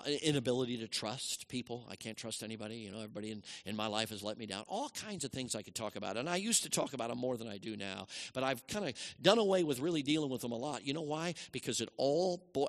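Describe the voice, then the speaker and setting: A middle-aged man preaching a sermon, swinging between loud emphatic lines and hushed, quieter asides. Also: mid-range voice.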